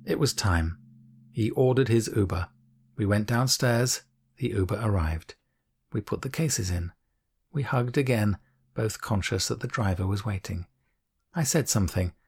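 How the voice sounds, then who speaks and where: A man narrating his own memoir in a quiet, reflective, wistful way, recorded on a studio mic. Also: on the low side, moderate pace, slightly rough. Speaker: author and narrator.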